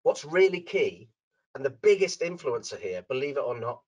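A man's voice: very animated, normal speed, low-quality recording. A middle-aged man presenting a webinar from home, telling stories and acting out the people in them. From Liverpool, England. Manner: acts out characters in his anecdotes with big pitch swings. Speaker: dental coach and webinar presenter. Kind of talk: animated webinar talk with storytelling. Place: room at home.

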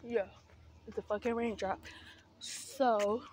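A woman's voice: a little high, steady tone, slow, a little mellow. A teenage girl vlogging to her viewers on an outdoor walk, rambling, swearing freely and out of breath. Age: teens. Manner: rambling, profane, chatty, addresses viewers as y'all. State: out of breath while walking. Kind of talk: casual vlog talk to viewers.

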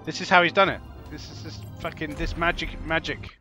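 A man talks over his gameplay in a bright, forceful voice pitched a little high. He rants and swears freely, grumbling as he plays, with a faint bed of music running underneath. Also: steady tone, fairly quick. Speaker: gaming channel host. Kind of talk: gameplay commentary.

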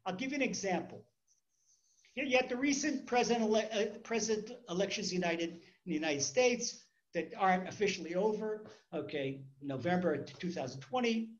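Conversational rabbi, muffled recording. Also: male voice, high-pitched, animated, brisk. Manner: conversational, repeats words, acts out stories. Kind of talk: Torah class.

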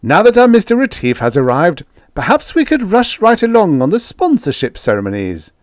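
Man putting on a shrill, fussy, gushing diplomat. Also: huge pitch swings, normal speed, dry recording, studio quality. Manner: high-strung, gushing and flustered. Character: fussy pompous male diplomat, nervous flatterer.

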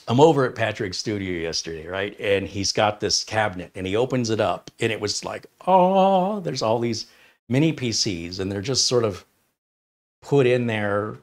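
A man hosting a tech live stream, chatting casually and telling an anecdote with frequent laughs. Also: on the low side. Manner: chatty, storytelling, laughs often. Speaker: tech channel host.

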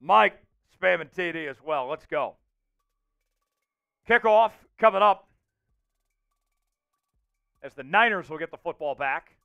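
A man hosting a livestream and calling the plays of a simulated football game, reading names from the chat and getting loud on big plays. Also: a little high, slow pace, vocal fry, pauses often, clear, resonant tone, dull audio, faint music behind. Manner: excitable, shouts out chat names and hypes touchdowns. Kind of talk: live play-by-play commentary.

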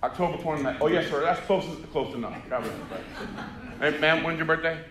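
A man's voice: fairly high pitch, animated, fast talker, noisy background. A man doing stand-up crowd work on a comedy club stage, chatty and teasing with the audience, into a handheld mic. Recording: echoey live venue with crowd.

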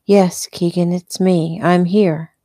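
Woman reading a gentle, worried wife; low, mellow. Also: flat delivery, takes it slowly, no echo. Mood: caring. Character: worried loving young wife at bedside.

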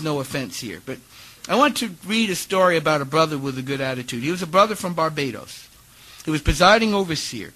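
Man, fifties, sermon, personal stories, slightly high voice, animated delivery. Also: rough recording. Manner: animated storytelling, rising and dropping his voice. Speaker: preacher giving a talk.

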